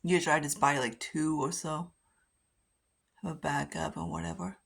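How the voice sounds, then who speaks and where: A woman's voice: sits low, fairly even intonation, normal speed, gravelly, breathy edge. Rambling, cussing woman vlogger. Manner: rambling, profane, chatty. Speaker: beauty vlogger. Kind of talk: casual get-ready-with-me chat.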